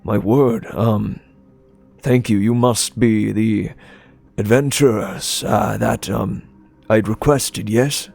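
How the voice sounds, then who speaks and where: A man's voice: on the low side, fairly even intonation, takes it slowly, gravelly, a little mellow, faint music behind, exaggerated voice. Man playing a flustered, polite village elder. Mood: courteous. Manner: hesitant, courteous, full of ums.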